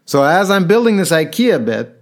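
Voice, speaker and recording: A man's voice: high-pitched, sing-song, normal speed. A man telling a personal story to an audience in an earnest, reflective way.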